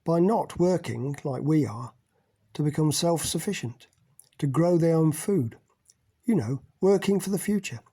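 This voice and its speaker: A man's voice: a little high, lively intonation, a little slow, mellow, husky, exaggerated voice. A man voicing an emphatic, scornful group leader. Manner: emphatic, accusing, rising on key words. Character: forceful middle-aged male group leader, lecturing.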